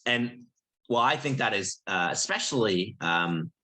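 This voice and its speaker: A man's voice: fairly low pitch, expressive, unhurried, sharp tone. A man co-hosting a church chat show, chatting casually with frequent ums and restarts. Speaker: co-host.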